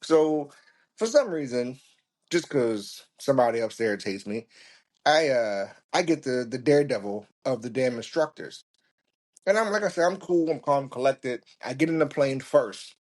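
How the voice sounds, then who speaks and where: A man's voice: mid-range voice, moderate pace. A man hosting a podcast, telling a story casually and swearing often, with frequent laughs. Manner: profane, laughing, lively. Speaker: podcast host.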